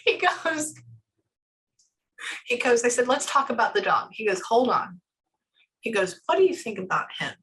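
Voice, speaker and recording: A bright, forceful woman's voice, talking fast and loose as a psychic medium during a casual reading. She rambles animatedly and keeps breaking off with quick asides before picking up the thread again. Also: on the high side, rough recording. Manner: chatty, animated, stops herself with frequent asides. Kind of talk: casual reading session with a client.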